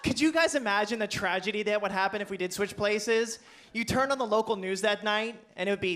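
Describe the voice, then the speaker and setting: Campy high-voiced male stand-up comic. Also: fairly quick. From Pennsylvania. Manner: campy, animated, playful with the crowd. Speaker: stand-up comedian. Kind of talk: stand-up set. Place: comedy club stage.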